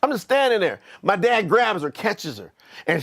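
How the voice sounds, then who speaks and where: Middle-aged man, high voice, animated motivational storyteller speaking to his viewers. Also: moderate pace, creaky. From Kentucky, US. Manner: animated, talks straight to viewers. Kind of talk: personal storytelling to online viewers.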